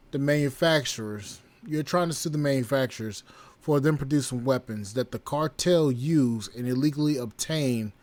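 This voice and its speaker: A man's voice: medium pitch, a little mellow. A young man hosting a podcast, talking bluntly and profanely in an exasperated, repetitive way. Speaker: podcast host. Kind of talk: casual commentary.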